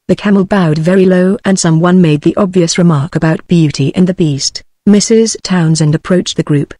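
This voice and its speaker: This is a synthetic female voice with a British English accent, narrating a story as an audiobook in an even, measured manner. The voice is on the low side, and the studio-quality recording has no echo.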